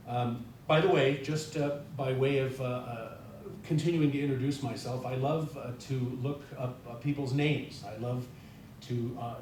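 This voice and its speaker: A man from North Dakota giving a chatty, self-deprecating guest sermon, full of fillers and restarts. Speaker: guest speaker. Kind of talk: informal sermon talk. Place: church sanctuary. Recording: echoey church hall, distant mic, faint rumble.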